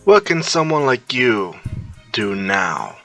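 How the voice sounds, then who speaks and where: A man's voice: fairly low pitch, sing-song, slow, vocal fry, a bit bright, faint music behind, full character voice. A man voicing a mocking, gloating male demon king villain in a fan-made story. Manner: mocking, taunting.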